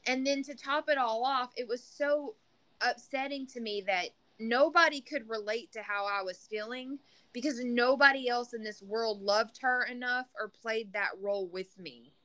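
A woman's voice: on the high side, normal speed, a bit bright. A single mother talking earnestly in a podcast conversation, often restarting her sentences. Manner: earnest, frequent restarts and "you know".

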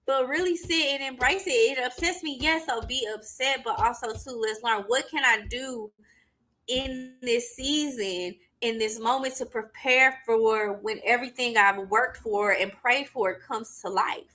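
Woman w/ aave just talking on her podcast, bright punchy voice, keeps checking in with "okay?". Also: a little high, unhurried. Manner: emphatic, repetitive, conversational with frequent "okay?" and "y'all". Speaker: podcast host and mental health business owner. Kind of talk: casual solo podcast talk.

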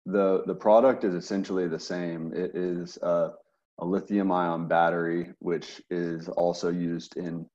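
A man's voice: deep voice, little pitch movement, measured pace, a little mellow, lo-fi sound. A man being interviewed as a guest, speaking hesitantly with repeated words and many fillers. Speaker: interview guest, service manager. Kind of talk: casual interview.

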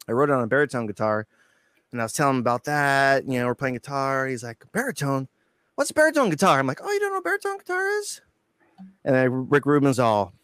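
A man telling a profane, animated story as a guest on an interview show, acting out quotes. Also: medium pitch, no room sound, clean studio sound. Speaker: guitarist guest.

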